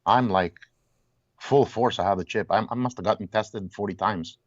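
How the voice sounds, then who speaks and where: A man's voice: on the low side, moderate pace, no room sound, lo-fi sound. A man talking as a guest in a heated casual conversation, telling stories emphatically and restarting his words often. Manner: animated storyteller, repeats and restarts words, exclaims.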